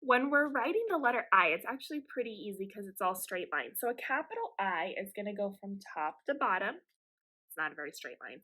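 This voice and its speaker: A woman's voice: on the high side, sharp tone, rough recording. A woman teaching a phonics lesson to young children in an upbeat, encouraging way, drawing out the letter sounds.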